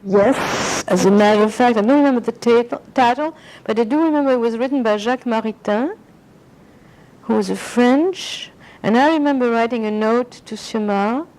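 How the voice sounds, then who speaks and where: A woman's voice: fairly high pitch, moderate pace, darkish tone, poor audio. An older woman being interviewed, reminiscing in a rambling way and slipping into French phrases. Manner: rambling, anecdotal, slips into French.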